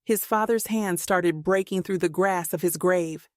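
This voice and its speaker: A woman narrating a suspense thriller audiobook in a steady, measured reading. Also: fairly low pitch, no echo, studio quality.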